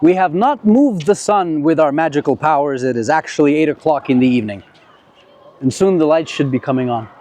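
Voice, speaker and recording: A man's voice: a little high, expressive, fairly quick, dark tone. A man hosting a casual walk-and-talk vlog on city streets at night, chatty and jokey, rambling with restarts. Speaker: vlogger host. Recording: noisy outdoor street.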